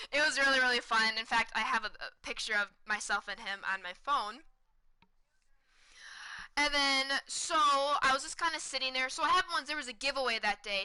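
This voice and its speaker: Bright excited young woman streamer. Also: a little high, clean tone, low-quality recording. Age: 20s. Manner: excited, chatty, repeats words for emphasis. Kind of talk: casual storytelling to stream chat.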